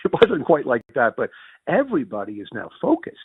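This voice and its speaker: A middle-aged man telling a story casually in an interview, animated and jumping in pitch when excited. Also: brisk, slightly rough, dry recording. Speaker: interview guest. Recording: tinny phone-like sound.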